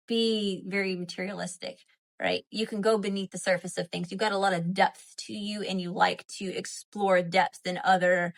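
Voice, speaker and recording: A woman with a Southern accent hosting a casual spiritual livestream, chatty and repetitive, often checking in with "right?" and "you know?". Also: lowish voice. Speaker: spiritual host. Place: home, live stream. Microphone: phone or webcam mic.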